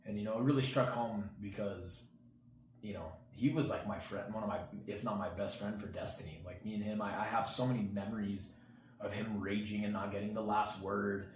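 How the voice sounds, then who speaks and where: A young man with a fairly low voice rambles through a personal story, full of fillers and little restarts. He acts out his friend's words as he goes. The room is roomy and echoey, with a faint hiss underneath. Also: steady tone, fairly quick. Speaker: channel host. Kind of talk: casual storytelling to camera.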